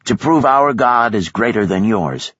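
A man voicing a calm, commanding male kidnapper who speaks formally without contractions. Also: fairly low pitch, unhurried, breathy edge, no echo, dull audio, pitched above the performer's own voice, exaggerated voice. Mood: cold, commanding.

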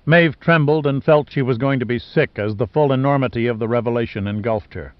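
A man reading a novel aloud as audiobook narrator, in a measured storytelling manner. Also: medium pitch, no echo. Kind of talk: scripted narration. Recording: dull lo-fi dry recording.

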